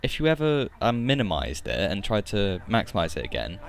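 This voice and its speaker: A man's voice: fairly low pitch, wildly swooping pitch, a little fast, gravelly. A man, talking casually and rambling through asides while commenting on a video game. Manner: rambling, chatty asides, mild grumbling. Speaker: let's play commentator.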